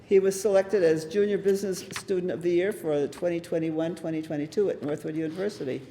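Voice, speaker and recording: A man's voice: a little high, fast talker. A man acting as emcee, reading award citations at a ceremony. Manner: steady, formal reading. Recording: hall reverb.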